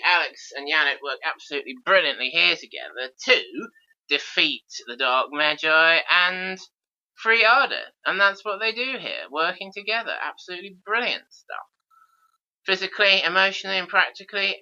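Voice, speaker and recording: A man's voice: medium pitch, sharp tone. A man giving a casual audio commentary on an episode, enthusiastic with wry asides. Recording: dull lo-fi recording.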